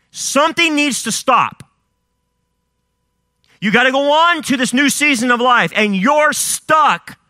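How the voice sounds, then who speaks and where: A male preacher delivers a fiery sermon in a high, bright, cutting voice, his emphasis leaping and plunging with each rhetorical question. The recording is dry and close to the mic.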